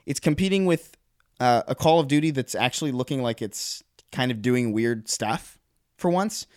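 Man, podcast co-host, casual chat, mid pitch, hesitant restarts, dry close sound. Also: expressive, normal speed, a little mellow, no echo. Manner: conversational, hesitant, many restarts.

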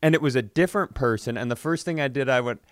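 Clear-voiced man telling a story. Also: mid-range voice, fast, no room sound, studio quality. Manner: animated, acts out phone voices, laughs mid-story. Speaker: comedy podcast host. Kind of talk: casual storytelling.

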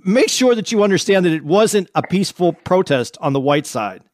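Podcast co-host, a man with a high voice, earnest and stumbling over restarts, dry close mic. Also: very animated, no room sound. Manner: earnest, halting with many restarts. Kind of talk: casual chat.

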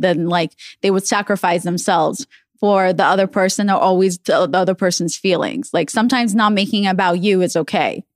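A woman hosting a podcast in casual conversation. She talks in a chatty, relaxed way with plenty of "like.". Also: mid-range voice, dry recording, studio quality. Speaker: podcast host.

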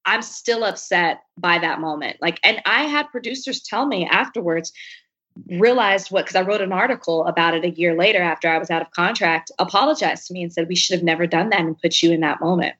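Bright-voiced woman telling a story. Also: on the low side, brisk, slightly rough. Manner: animated, acts out quoted speech. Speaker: podcast guest. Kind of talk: candid storytelling interview. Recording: dull lo-fi recording.

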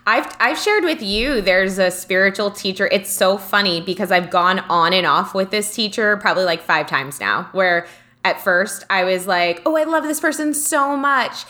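A young woman with a bright, ringing voice chats casually as a podcast co-host. She talks in an animated way, jumping higher whenever she quotes her own past reactions. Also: normal speed. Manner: animated, jumps up in pitch when quoting herself. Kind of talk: casual chat.

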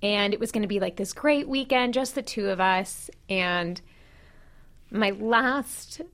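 A woman in her thirties, a podcast co-host, candidly retelling a painful personal story with animated quoted dialogue. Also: mid-range voice, measured pace. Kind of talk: personal storytelling in casual chat.

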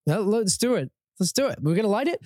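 A man's voice: high-pitched, big pitch swings, fast, a little mellow, dry recording. A man appearing as a guest on a studio podcast who tells stories in a jokey, upbeat way.

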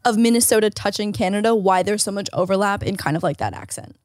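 Excitable young woman in casual chat. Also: medium pitch, fast, no echo, clean studio sound. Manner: excitable, laughs often, gushing. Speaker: podcast co-host.

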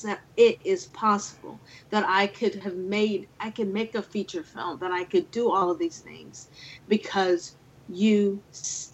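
A woman filmmaker talks through a heartfelt story over a video call, earnest and quick to laugh. Her voice sits in a middle range, and the call sound is slightly dull and lo-fi. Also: mid-range voice, slight background noise. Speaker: filmmaker guest.

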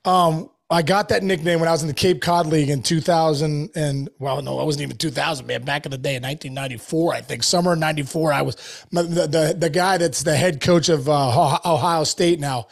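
Gravelly, high-pitched man telling stories. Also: brisk, few pauses. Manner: animated, laughs often, says "dude" a lot. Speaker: guest, former baseball player. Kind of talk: casual storytelling.

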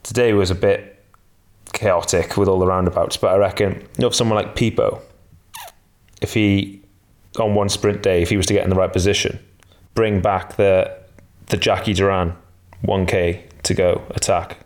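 Deep male co-host, enthusiastic, opinionated, casual. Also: fairly even intonation, normal speed. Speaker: podcast co-host. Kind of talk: casual sports chat.

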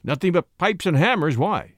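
A man's voice: fairly high pitch, lively intonation, normal speed, fairly bright tone, dry recording, clean studio sound. A man doing a breezy, blustery husband. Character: easygoing husband, grown man, turns exasperated. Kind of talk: audiobook reading.

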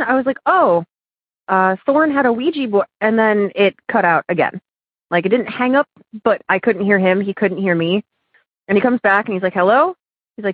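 A woman's voice: medium pitch, lively intonation, brisk, breathy edge, no echo. A woman calling in from Ohio, chatting through a story with many fillers and laughs. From Ohio, USA. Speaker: caller. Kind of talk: casual phone-in story. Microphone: phone. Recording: tinny dry phone line.

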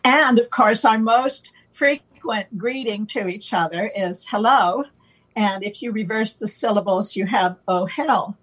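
Woman guest, husky, unhurried, playful wordplay delivery. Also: mid-range voice, a bit bright, poor audio. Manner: playful wordplay, slow and deliberate, laughs often. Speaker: guest on a talk show. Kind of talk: relaxed conversational explanation.

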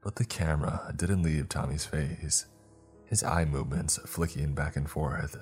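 A man narrating a first-person horror story in a tense, measured way. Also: extremely low pitch, darkish tone.

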